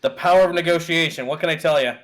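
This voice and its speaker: A man's voice: fairly high pitch, fast, a bit bright, poor audio. A man on a casual sports podcast, teasing and joking with the host. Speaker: podcast guest.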